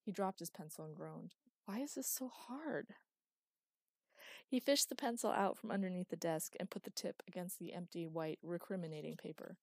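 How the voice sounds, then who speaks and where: Woman, audiobook narration, steady storytelling, lowish voice, dry close recording. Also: a little fast, few pauses, no echo. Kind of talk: scripted narration.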